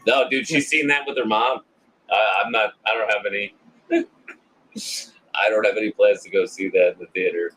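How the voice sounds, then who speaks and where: Husky-voiced man joking about a movie. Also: lowish voice, steady tone, moderate pace, fairly bright tone, poor audio. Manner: joking, laughs often, acts out quoted lines. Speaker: podcast co-host. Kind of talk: casual crude movie chat.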